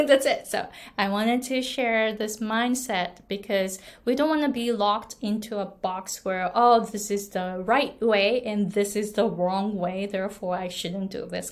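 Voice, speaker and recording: Slow easygoing lady, talking thru her pronunciation tips, lots of "right?" and little laughs. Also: mid-range voice. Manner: relaxed, repeats "right?" and laughs often. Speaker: pronunciation coach and podcast host. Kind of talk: casual solo episode monologue.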